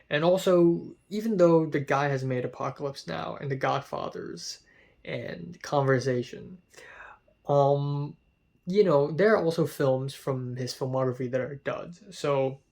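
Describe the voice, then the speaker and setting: A man talking casually about a film festival line-up, rambling with many fillers and growing excited at times. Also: medium pitch. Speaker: film reviewer. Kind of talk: casual vlog commentary.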